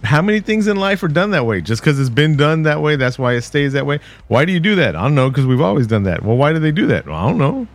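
A man chatting on a podcast with a lively, wide-ranging voice. He tells stories with plenty of swagger and casual cursing. There is faint music underneath. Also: fairly high pitch, quick pace, hardly any pauses. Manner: animated storyteller, swears casually. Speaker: podcast host.

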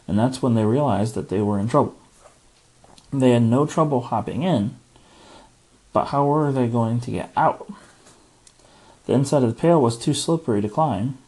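A man hosting a book club reads a book aloud, steady and earnest. His voice is husky and breathy, sitting at a middle pitch. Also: rough recording.

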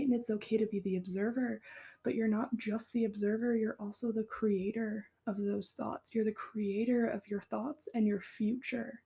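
A woman in her twenties hosting a casual solo podcast, impassioned and encouraging, swearing freely and dropping to a soft, slow whisper for tender asides. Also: a little high, vocal fry. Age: 20s. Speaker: podcast host.

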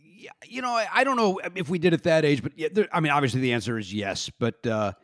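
A man in casual podcast chat, halting and wry as he works through a story. His voice is a bit high and swings widely, recorded close and dry. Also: lively intonation, no room sound. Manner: hesitant, many fillers and restarts, wry.

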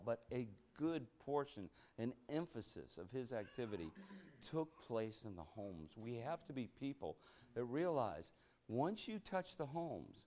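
This man has a medium-pitched, dark voice. As leader of a church meeting, he runs an interactive Bible study, preaching with emphasis and exclamations while firing rhetorical questions such as "you know what?" at his audience.

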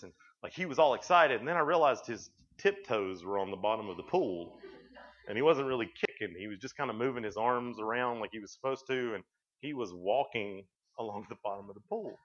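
A man's voice: medium pitch, animated, brisk, fairly bright tone. A man speaking to a youth camp, telling stories in a rambling way with frequent restarts. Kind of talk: sermon. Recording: dull lo-fi recording.

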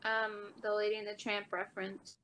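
A woman's voice: mid-range voice, flat delivery, moderate pace, a bit bright, low-quality recording. A young woman co-hosting a podcast in casual chat, giggly and upbeat. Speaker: podcast co-host.

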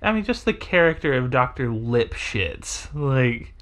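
A woman's voice: extremely low pitch, big pitch swings, a little slow. A woman co-hosting a podcast in casual chat, rambling and hesitant with many fillers. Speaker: podcast co-host.

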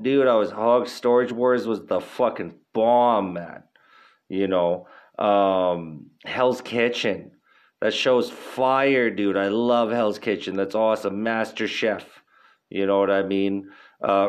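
A young man talks loosely into his podcast mic, cursing freely and circling back with "you know what I mean". His voice sits at an ordinary middle pitch, and his delivery stays relaxed and unscripted. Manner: profane, laid-back rambling with lots of fillers. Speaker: podcast host. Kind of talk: casual solo podcast talk.

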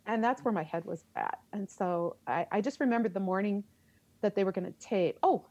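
A middle-aged woman, a theater teacher, telling a story in an interview, animated and laughing as she acts out her reactions. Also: medium pitch, brisk, no echo, muffled recording.

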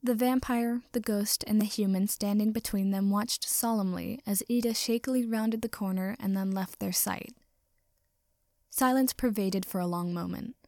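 A woman's voice: mid-range voice, fairly even intonation, moderate pace, a little mellow, no room sound. Woman reading a story, dry close sound. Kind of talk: storybook narration.

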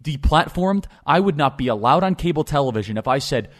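Fast-talking emphatic male talk host. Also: a little high, expressive. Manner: emphatic, repeats phrases for stress. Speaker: podcast host. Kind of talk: political talk show commentary.

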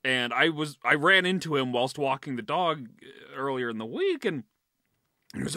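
Bright-voiced guy, kinda hesitant, lots of ums, lively pitch, dry close sound. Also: moderate pace, no echo. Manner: hesitant, laughing, self-deprecating. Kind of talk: casual chat.

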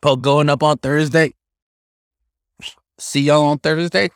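A young man hosting a casual solo podcast, telling stories in an animated, profane, slang-heavy way. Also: fairly high pitch, takes it slowly, dry recording, clean studio sound. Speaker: podcast host.

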